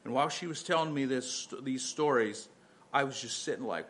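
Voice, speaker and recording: A man's voice: medium pitch, brisk, a bit bright, slight background noise. A man in his fifties, a pastor giving a sermon, moving from earnest personal storytelling to emphatic preaching with many restarts.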